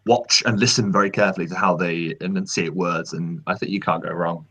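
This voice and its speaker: Casting note: male guest voice actor, crisp bright tone, patient explainer who gives examples. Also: sits low, fairly even intonation, a little fast. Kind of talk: casual panel discussion.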